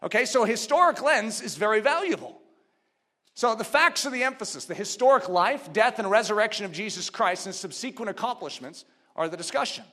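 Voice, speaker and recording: A man preaching a sermon, teaching step by step with rhetorical questions and building to emphatic, near-shouted exhortations. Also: high-pitched, expressive, brisk.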